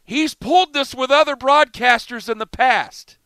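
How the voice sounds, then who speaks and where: A middle-aged man hosting sports talk radio, telling a story in an animated, self-mocking way. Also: extremely high pitch, normal speed, clean tone, no echo. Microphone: studio microphone.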